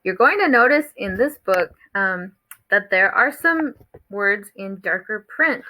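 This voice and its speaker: A woman teacher with a bright, clear voice reads a picture book aloud to her class. She explains gently and encouragingly, with the occasional "um" as she goes. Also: mid-range voice, expressive, rough recording. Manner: warm, encouraging, explains slowly with fillers.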